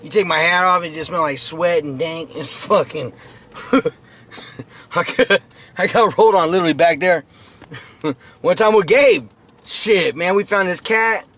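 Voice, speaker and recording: A man's voice: high voice, measured pace, pauses often, fairly bright tone. A tipsy man walking through his old neighborhood, telling rambling, profane stories into a handheld phone and laughing often between phrases. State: tipsy, buzzed. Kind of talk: casual rambling storytelling. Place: outdoors on a neighborhood street and alleyway.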